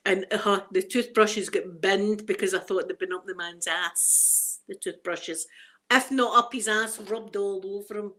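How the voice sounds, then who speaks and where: A woman's voice: medium pitch, fairly bright tone. A middle-aged Scottish woman hosting a casual livestream chat, rambling through stories and laughing often. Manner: rambling, storytelling, quick to laugh. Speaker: livestream host.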